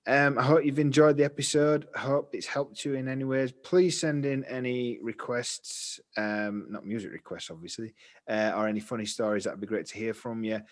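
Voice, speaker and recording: Rambling podcast co-host. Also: male voice, medium pitch, fairly even intonation, moderate pace. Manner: rambling, chatty, self-deprecating. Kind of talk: casual chat.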